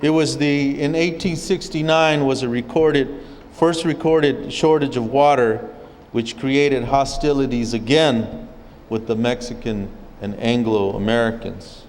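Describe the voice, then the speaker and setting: Slow, deliberate man in a reverberant chamber. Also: mid-range voice, steady tone, a little mellow, a little hiss or hum. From O'odham community, Arizona. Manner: measured storytelling, occasional restarts. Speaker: forum speaker. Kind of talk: spoken history talk at a public forum. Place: legislative chamber at a state capitol.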